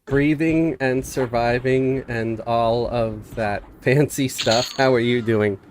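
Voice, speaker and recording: A man's voice: medium pitch, slow pace, slight background noise. A man streaming a game live, chatting casually and reading viewer messages aloud, a bit stuffy from a cold. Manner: relaxed, rambling, reads chat aloud.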